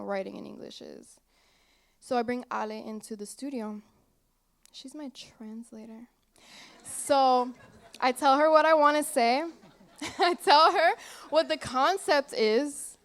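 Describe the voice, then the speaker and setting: A woman's voice: high-pitched, unhurried. A young woman singer chatting casually in an on-stage interview in a small theater, giggly and rambling, losing her train of thought. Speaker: singer-songwriter guest.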